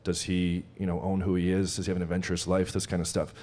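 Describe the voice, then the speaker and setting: A man with a very deep voice who talks fast, appearing as a guest dating coach on a podcast. He explains his ideas in long run-on sentences full of fillers. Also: monotone, dark tone. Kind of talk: casual podcast chat.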